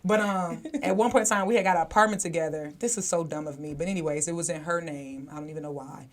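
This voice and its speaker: A woman with a low-sitting voice talks fast as she co-hosts a podcast. She tells a personal story bluntly and casually, swearing freely and addressing listeners head-on in a conversational way.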